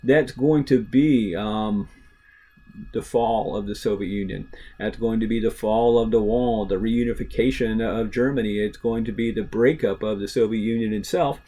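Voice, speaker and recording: A man's voice: lowish voice, moderate pace, warm tone. A man teaching a recorded history lecture in a casual, talkative way, with many fillers and asides.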